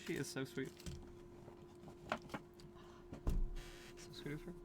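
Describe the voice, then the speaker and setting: A man's voice: a little high, steady tone, takes it slowly, noisy background. A man hosting a casual video commentary, rambling with many fillers, asides and restarts. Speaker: video host.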